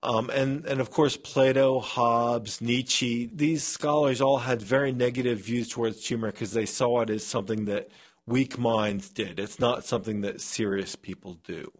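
A man's voice: medium pitch, steady tone, unhurried. A man, a scientist, being interviewed on public radio from a remote studio, talking with hesitant restarts.

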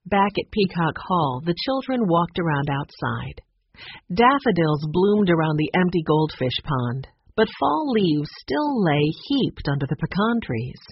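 A woman's voice: on the low side, measured pace, husky. A woman narrating a children's audiobook expressively, voicing each character differently. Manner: expressive, varies voices for characters. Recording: dry, slightly dull recording.

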